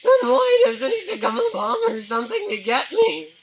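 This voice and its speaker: A young woman playing a panicky, disbelieving youth with shrill, incredulous outbursts. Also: big pitch swings, moderate pace, heavily acted. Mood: panicked. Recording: distant mic with clear noise.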